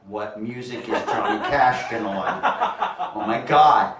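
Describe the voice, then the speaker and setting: A man hosting a comedy show, chatty and halting, full of ums and uhs. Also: lowish voice, fairly bright tone, recorded from a distance. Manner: chatty, halting with many fillers. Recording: echoey room, mic heard from afar.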